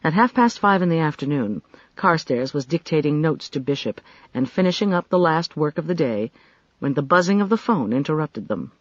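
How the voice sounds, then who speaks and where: Male audiobook narrator, slightly high voice, even delivery, dull lo-fi tone. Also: normal speed, no echo. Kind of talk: scripted narration.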